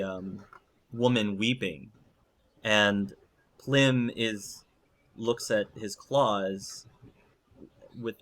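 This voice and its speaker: A man narrating a tabletop role-playing game as game master, slow and halting, with many fillers. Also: on the low side, pushed and bright.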